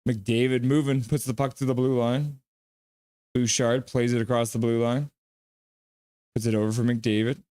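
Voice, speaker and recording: A man hosting a live hockey reaction stream, calling plays and reading out chat messages with excitement. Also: medium pitch, normal speed, long pauses, no room sound, studio quality. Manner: excitable, chatty, reads chat aloud.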